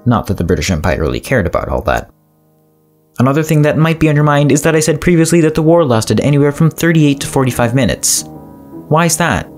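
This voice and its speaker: A man reads a scripted history explainer in a lively, swooping voice. He keeps stepping out of the story with wry asides to the viewer. Faint music plays softly underneath. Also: a little high, fast. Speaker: narrator of a history explainer channel. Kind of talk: scripted narration.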